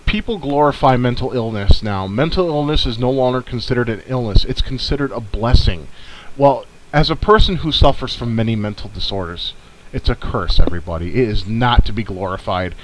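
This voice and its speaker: Talking a little fast in a mid-range voice over background noise, a northern U.S. man rambles and rants through a casual podcast he co-hosts, swearing heavily.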